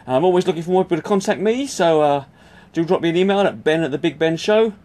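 A man's voice: on the high side, quick pace, darkish tone. A man hosting a podcast, giving a rambling, friendly introduction. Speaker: podcast host.

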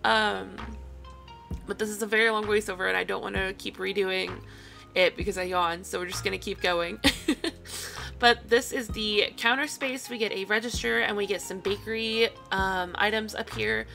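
A woman's voice: mid-range voice, fairly even intonation, normal speed, vocal fry, sharp tone, faint music behind. A woman talking through a long, rambling voiceover in a chatty way, with many ums, who keeps yawning and apologising. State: yawning, tired. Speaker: video creator. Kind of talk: casual voiceover narration.

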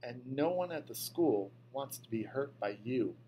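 Storybook schoolteacher, female, calm and careful, soft-spoken; a male narrator puts her on. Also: medium pitch, unhurried, slight background noise, lightly acted, poor audio.

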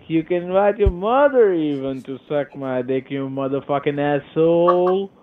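A man's voice: fairly high pitch, moderate pace, few pauses. Man taunting over a phone line. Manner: insulting, taunting, switches between English and Hindi. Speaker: call center agent. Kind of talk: abusive phone banter.

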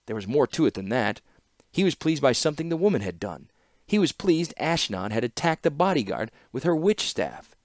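A man's voice: mid-range voice, no echo. Man narrating an audiobook, dry close sound. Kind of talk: audiobook-style reading.

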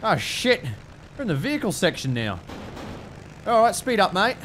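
A young Australian man giving excitable, foul-mouthed let's play commentary. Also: sits high, normal speed, a little hiss or hum. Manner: excitable, swears a lot, laughs often. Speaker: gaming YouTuber.

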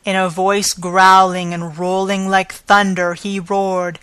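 Slow, measured woman reading an audiobook. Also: mid-range voice, little pitch movement, a bit bright, smooth, dry recording. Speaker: audiobook narrator. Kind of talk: scripted audiobook narration.

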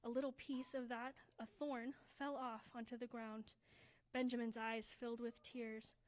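A woman reading a children's story aloud at a church service, slowing down for emphasis and dropping to a hush. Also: on the high side, poor audio. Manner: expressive, slows down for emphasis, drops to a hushed voice.

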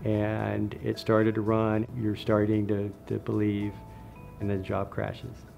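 A man, a lab scientist, recounting events in a documentary interview in a measured, reflective way. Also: on the low side, monotone, creaky, a little mellow, faint music behind.

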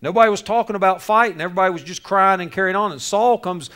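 Casting: male preacher, high-set voice, animated storyteller who jokes with the crowd. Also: fast, clean tone. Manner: animated, acts out characters, jokes with audience. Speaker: speaker to youth on bullying. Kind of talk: lively sermon storytelling.

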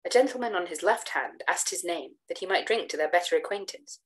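A woman reading a gothic tale in measured, expressive first-person narration. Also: fairly low pitch, low-quality recording. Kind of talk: literary narration read aloud.

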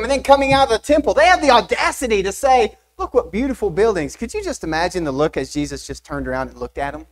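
Animated young preacher man, emphatic. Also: high-pitched, fast, few pauses, low-quality recording. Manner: animated, rising emphatic delivery with rhetorical questions. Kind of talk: sermon. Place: church sanctuary.

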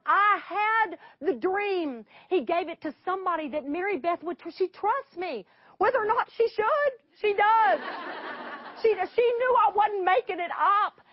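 A woman's voice: sits high, dry recording, highs cut off. A middle-aged woman, telling an emotional story dramatically to an audience and speaking straight to them.

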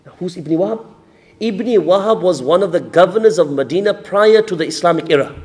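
A man's voice: sits high, fairly quick. A man preaching a storytelling sermon in a mosque, acting out the characters and adding jokes. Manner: animated storyteller, acts out characters. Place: mosque hall. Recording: reverberant hall.

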